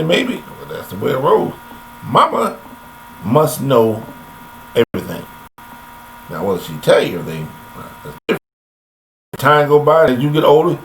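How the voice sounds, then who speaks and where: Recorded on a laptop webcam with poor audio and slight background noise, an older vlogger speaks in a mid-range voice. His monologue is folksy and rambling, philosophical and preachy, and he talks to his listeners directly.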